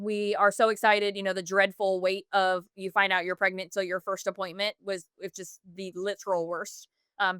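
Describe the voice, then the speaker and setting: A woman's voice: mid-range voice, fairly bright tone, smooth, dry recording, clean studio sound. A woman in her thirties, a podcast guest, telling a personal story earnestly, with many fillers and self-corrections. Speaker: podcast guest, business founder.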